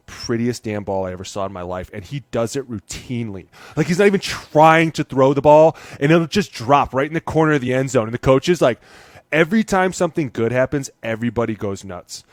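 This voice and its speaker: A man talking in a casual podcast, animated and quick to act out other people's voices. His pitch sits in the middle for a man. The sound is close and dry, with no room echo. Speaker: former NFL lineman guest.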